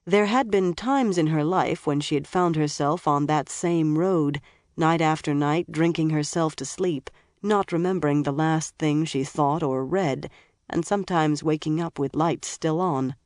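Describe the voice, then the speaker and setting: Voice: medium pitch, a little mellow, no room sound. Dry, close audiobook narrator. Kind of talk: scripted narration.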